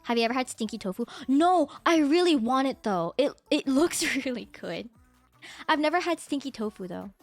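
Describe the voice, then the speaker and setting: Speaking at normal speed in a high, expressive voice, a young adult woman from the United States chats casually on stream. She keeps giggling and mimics the exclamations her parents make, with faint background music and no echo in the recording.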